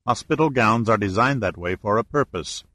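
A man's voice: fairly low pitch, lively intonation, moderate pace, pushed and bright, no echo. A man voicing a female nurse who talks sweetly but gives orders. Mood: bossy. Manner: sweetly bossy.

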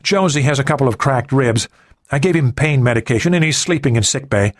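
A man voicing a calm female ship's doctor giving a brisk, matter-of-fact report. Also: mid-range voice, no echo, clean studio sound, pitched above the performer's own voice, close to an everyday voice.

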